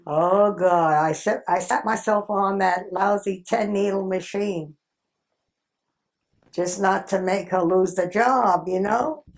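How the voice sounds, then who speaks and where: A woman in her nineties telling old work stories in an interview, lively and full of laughter. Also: mid-range voice, slow pace. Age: 90s. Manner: animated, acts out quoted people, frequent laughs. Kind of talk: reminiscing storytelling.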